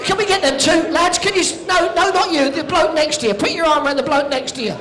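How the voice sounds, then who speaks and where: A man's voice: very high voice, expressive, fairly quick, hardly any pauses, background noise. A man working as an arena compère, teasing and joking with the audience through crowd banter. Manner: teasing, jokey, calls out to the audience. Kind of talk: cheeky crowd warm-up banter. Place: indoor sports arena.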